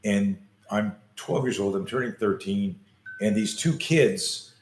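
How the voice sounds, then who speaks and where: A man and self-defense coach telling a story in an interview, animated, acting out the scenes as he goes. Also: fairly low pitch, takes it slowly, echoey room, soft background music.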